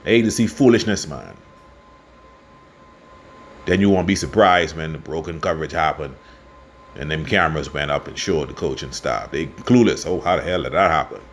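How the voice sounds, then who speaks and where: A Bahamian man giving casual football commentary and predictions, passionate and quick to get worked up. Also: very deep voice, slight background noise. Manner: passionate, gets worked up and loud. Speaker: sports fan vlogger.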